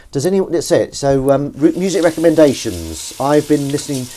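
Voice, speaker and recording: A man's voice: fairly high pitch, lively intonation, fairly quick, dark tone, slight background noise. A man hosting a casual livestream from his home kitchen, chatting and reading out comments while washing up. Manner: rambling, self-deprecating, reads out chat comments. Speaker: livestream host. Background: clinking dishes and cutlery.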